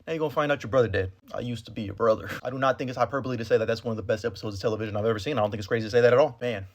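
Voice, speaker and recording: A man's voice: medium pitch, rapid-fire. A man hosting a reaction channel, recapping an episode in casual slang, swearing freely and laughing as he goes.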